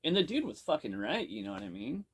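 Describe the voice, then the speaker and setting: A man's voice: mid-range voice, very animated, fast, husky. A man casually telling a story from his own past, rambling and swearing constantly, with lots of "you know". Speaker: podcast storyteller. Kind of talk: casual first-person storytelling.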